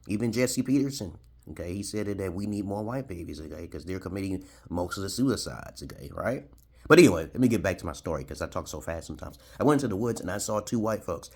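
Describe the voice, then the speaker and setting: A man in his forties, from Brooklyn, New York, talks in a low, gravelly voice with a husky edge. He rambles through a long story, chuckling and dropping "okay?" after many points. It is a loose, unscripted monologue to camera. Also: a little mellow. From Brooklyn, New York, USA. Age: 40s. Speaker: video blogger.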